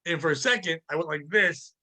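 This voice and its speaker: A man hosting a casual podcast, ranting and swearing in an animated, comedic way. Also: a little high, fairly quick. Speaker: podcast host.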